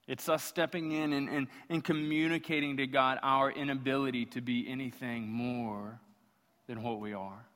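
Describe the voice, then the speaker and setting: A man's voice: medium pitch, fairly even intonation, normal speed, fairly bright tone. A man preaching an impassioned sermon as pastor, building through rhetorical repetition. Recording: long hall reverb.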